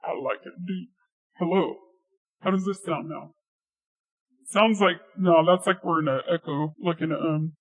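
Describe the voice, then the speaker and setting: Woman streamer through a voice changer, slow and dry, dull lo-fi sound. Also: lowish voice, no room sound. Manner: giggly, testing a voice changer. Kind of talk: casual live-stream chat.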